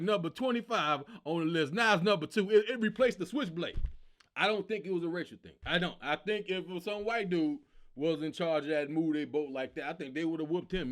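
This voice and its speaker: A man hosting his own comedy show, telling stories in a loud, excitable monologue and acting out the quotes. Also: sits high. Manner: loud, excitable storytelling with acted-out quotes and laughter. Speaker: comedian host.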